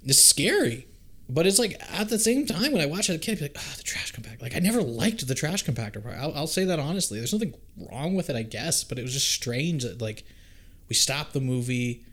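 Animated, profane man riffing on a movie. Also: a little high, fairly quick. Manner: animated, profane, acts out characters' lines. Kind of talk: casual movie watch-along chat.

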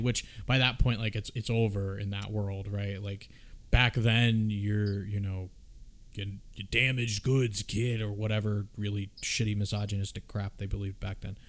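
Animated, profane man chatting about films. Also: on the low side, moderate pace. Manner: animated, profane, acts out the characters' lines. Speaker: podcast host. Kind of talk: casual film discussion.

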